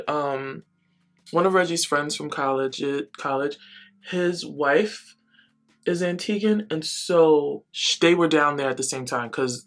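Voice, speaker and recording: Chatty woman telling a storytime. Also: slight background noise. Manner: chatty, animated, acts out quoted voices with big pitch jumps; filler-heavy, lots of "like" and "um". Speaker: beauty vlogger. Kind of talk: casual storytime while getting ready.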